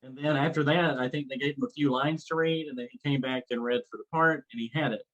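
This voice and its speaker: A man's voice: mid-range voice, fairly even intonation, fast, fairly bright tone, dull audio. A man co-hosting a casual chat, eagerly retelling a story. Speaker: co-host.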